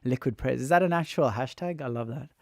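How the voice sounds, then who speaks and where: A weary man talks to viewers on a livestream, his throat sounding raw from fatigue. He is open and emotional, and he rambles and restarts as he thinks aloud. His voice sits at an ordinary middle pitch, recorded close in a dry room. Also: quick pace, gravelly, no echo. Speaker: livestreamer and musician. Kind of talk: casual livestream chat.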